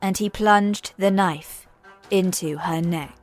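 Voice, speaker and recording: A woman narrating a sci-fi story in a measured, dramatic reading. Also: lowish voice, over music. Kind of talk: scripted audiobook narration.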